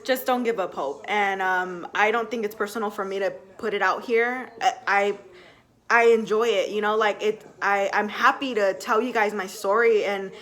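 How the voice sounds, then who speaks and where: A young woman telling a personal story to camera at home in a chatty, animated way full of fillers. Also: mid-range voice, normal speed. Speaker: vlogger.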